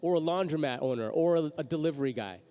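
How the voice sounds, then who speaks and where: A man who voices cartoons, answering a fan's question at a convention panel with energy and quick voice demos. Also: on the high side, dark tone, clean tone. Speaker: convention panel guest, voice actor. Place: convention hall. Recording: long hall reverb.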